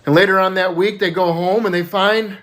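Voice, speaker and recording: A man telling a string of jokes in a casual, animated way, jumping up in pitch for the punchlines. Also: fairly quick. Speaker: joke teller.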